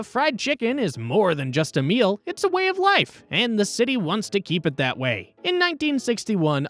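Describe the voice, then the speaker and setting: A woman narrating a scripted explainer in a playful, upbeat storytelling way, with wry asides. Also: medium pitch.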